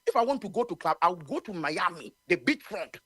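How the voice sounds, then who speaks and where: A radio commentator with a Ghanaian accent holds forth in a heated, rambling way, stumbling over the starts of words. The pitch leaps up and down as the point gets pushed. It sounds close and dry, with no room around it. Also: sing-song, a little fast, pushed and bright, slightly rough, no room sound. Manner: heated, mixes English and Twi, many stammered restarts. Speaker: radio talk show commentator. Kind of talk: impassioned call-in radio commentary.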